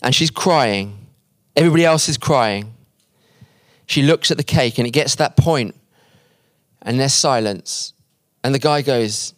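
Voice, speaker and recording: A man's voice: mid-range voice, dry recording. Man preaching with a dry close sound. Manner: acts out quoted voices in the story; drops quiet and slow at emotional points. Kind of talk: sermon storytelling. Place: conference hall.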